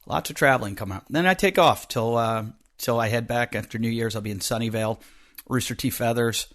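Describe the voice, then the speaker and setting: A middle-aged male comedian runs a loose, joking monologue as a podcast host, his nose audibly stuffy. He rambles from one aside to the next, jumping from loud bursts down to muttered, offhand remarks. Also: medium pitch, a little fast. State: stuffy nose, a bit snotty.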